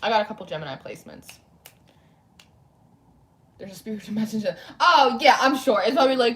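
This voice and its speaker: A woman's voice: fairly high pitch, animated, fairly quick, pauses often, a bit bright. Young woman rambling on her live tarot stream, home room lit with candles, chatty and loose. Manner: chatty, rambling, reads and answers comments. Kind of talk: casual livestream chat.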